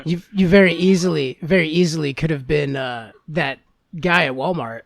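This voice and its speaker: A man's voice: a little high, moderate pace, creaky. A man in his thirties co-hosting a podcast, teasing his partner with questions and laughing often in casual chat. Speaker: podcast co-host.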